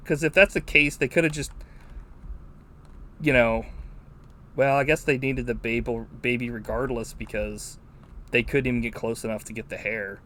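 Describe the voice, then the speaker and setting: A man hosting a podcast, chatting casually and recounting a movie in a rambling, profane, animated way. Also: medium pitch, moderate pace, pauses often. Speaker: podcast host. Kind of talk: casual movie-review chat.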